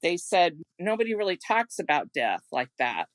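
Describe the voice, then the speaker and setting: A middle-aged woman, a home care consultant, telling personal stories in a podcast interview in an earnest, gentle way. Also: on the low side, sing-song, normal speed, no room sound. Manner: earnest and gentle, with frequent restarts.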